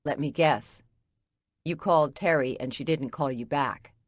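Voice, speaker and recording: A woman's voice: low voice, a little slow, no echo, clean studio sound. A woman voicing a wry, blunt older female coworker in an audiobook.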